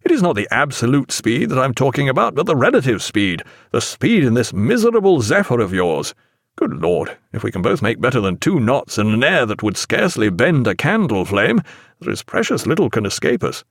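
A man voicing a jovial, hearty sailing-ship captain who talks with booming, old-fashioned enthusiasm. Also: wildly swooping pitch, fairly quick, no room sound, clean studio sound. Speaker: ship's captain.

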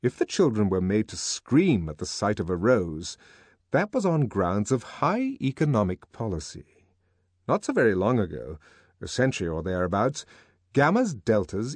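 A man reading an audiobook as narrator, in measured, expressive scripted storytelling. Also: mid-range voice, husky, no room sound.

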